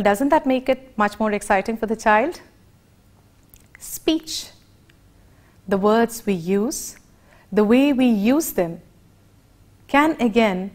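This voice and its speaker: A woman with an Indian English accent giving an educational lecture, speaking in a deliberate, expressive teaching manner. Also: fairly high pitch.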